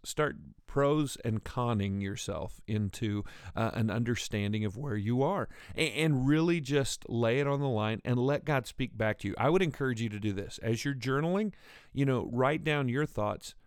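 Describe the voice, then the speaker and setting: A man's voice: mid-range voice, clean tone, no echo, clean studio sound. A man preaching a sermon in an earnest, conversational way, often restarting his phrases.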